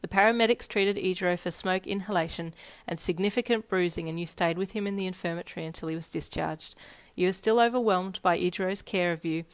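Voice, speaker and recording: A woman narrating a fanfiction story aloud in a steady storytelling read. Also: lowish voice. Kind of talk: scripted narration.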